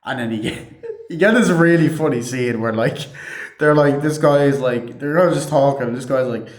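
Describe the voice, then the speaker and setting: A man's voice: mid-range voice, moderate pace. Rambling man in an echoey room. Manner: rambling, filler-heavy, swears freely. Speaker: movie reviewer. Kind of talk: casual spoken film review.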